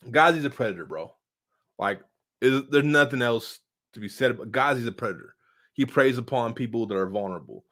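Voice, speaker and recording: A man casually answering viewer comments in a loose, slangy, rambling way, full of fillers and sudden swings in loudness. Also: medium pitch. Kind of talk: casual unscripted political commentary.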